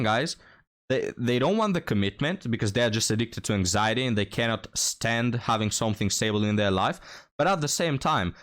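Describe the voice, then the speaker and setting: A man giving scornful, lecturing reaction commentary on a played clip. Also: medium pitch.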